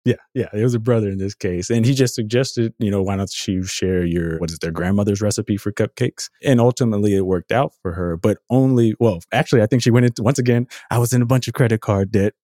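Low, dark-voiced man chatting casually. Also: quick pace, few pauses, dry recording, clean studio sound. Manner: rambling, self-correcting, laughs often. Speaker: podcast guest, author. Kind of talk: casual podcast chat.

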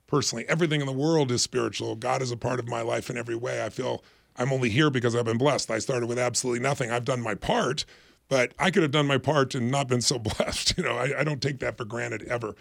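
A man's voice: mid-range voice, steady tone, fast talker, gravelly, dry recording. A middle-aged man on a podcast explaining ideas emphatically and acting out little quoted voices. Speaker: guest, life strategist. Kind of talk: motivational explanation in interview.

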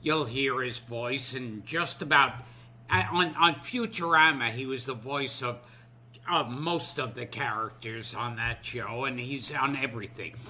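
A man hosting a podcast, asking halting, stop-start questions in casual chat. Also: mid-range voice, sharp tone. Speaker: podcast host.

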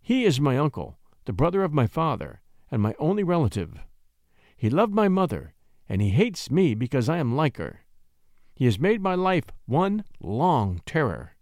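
Brief: male narrator playing a timid young noblewoman, soft-spoken and pleading, storybook reading. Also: fairly high pitch, very animated, normal speed, no room sound, studio quality. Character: frightened gentle young noblewoman.

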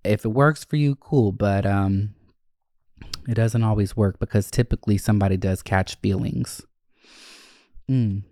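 A young man hosting a podcast, answering listener questions in a chatty, expressive way and swearing casually. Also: fairly low pitch, a little slow, long pauses, no echo, studio quality. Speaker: podcast host. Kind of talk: casual Q&A chat.

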